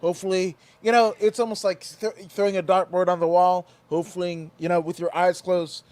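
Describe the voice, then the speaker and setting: A man's voice: sits high, level tone, brisk, a little mellow, no echo. A man in casual post-fight show chat, rambling with lots of fillers and swearing. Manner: rambling, profane, filler-heavy.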